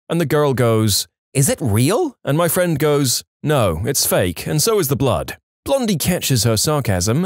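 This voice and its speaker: A man giving scripted narration of reddit stories, telling them briskly and timing the punchlines. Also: mid-range voice, dry recording, studio quality. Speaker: story narrator.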